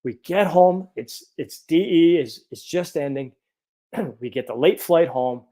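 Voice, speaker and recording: Fifty-something guy, kinda high gravelly voice, telling a story all fired up. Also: measured pace. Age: 50s. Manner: animated, earnest storytelling. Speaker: chiropractor. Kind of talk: personal storytelling talk.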